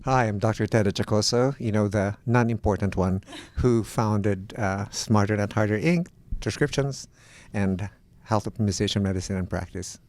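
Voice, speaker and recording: A man's voice: fairly low pitch, normal speed, darkish tone. A male doctor and founder talking through ideas in a thoughtful, explanatory way on a podcast. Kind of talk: casual podcast discussion.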